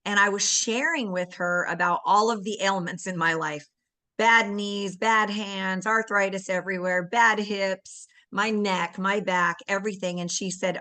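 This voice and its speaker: Woman, bright tone, heartfelt testimonial storyteller over a video call. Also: mid-range voice, steady tone, unhurried. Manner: earnest, emotional storytelling. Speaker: guest giving a testimonial.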